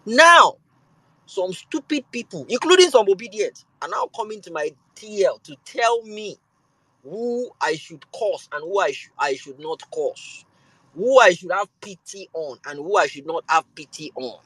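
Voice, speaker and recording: Nigerian man, heated political rant, high voice, dry close sound. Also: normal speed, breathy edge, dry recording, low-quality recording. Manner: switches between calm and loud, heated delivery. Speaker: show host.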